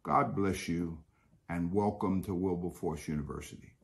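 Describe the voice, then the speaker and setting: A man giving a formal spoken address, slow and emphatic, urging listeners to enroll. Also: creaky. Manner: slow, emphatic, lively pitch. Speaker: speaker promoting the university.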